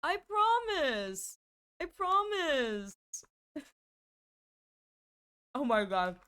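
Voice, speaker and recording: A young adult woman streaming live, chatting casually with her chat and squealing in excitement when surprised. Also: high-pitched, extremely slow.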